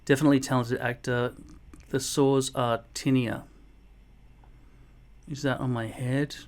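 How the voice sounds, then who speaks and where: A man's voice: mid-range voice, little pitch movement, a little slow. A man, casually reading and answering viewer comments in a blunt, mock-boastful way, swearing often. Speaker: vlogger replying to comments. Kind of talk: casual comment-reply monologue.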